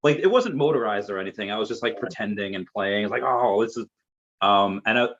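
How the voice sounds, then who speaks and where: A man's voice: fairly low pitch, expressive, quick pace, fairly bright tone. A man talking as an interview guest, chatty and rambling, with lots of fillers. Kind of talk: casual conversation. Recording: muffled lo-fi audio.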